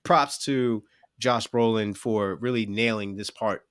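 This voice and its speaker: A man co-hosting a podcast, talking in a relaxed, thoughtful way with many fillers. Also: lowish voice, unhurried, clean tone. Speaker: podcast co-host. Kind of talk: casual podcast chat.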